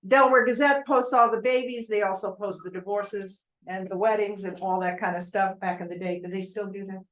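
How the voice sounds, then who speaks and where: Older woman, seasoned realtor, informal talk to a room of colleagues; chatty storyteller who tosses questions to the crowd, mid-pitched voice. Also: steady tone, fairly quick, a bit bright, low-quality recording. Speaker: real estate agent addressing colleagues.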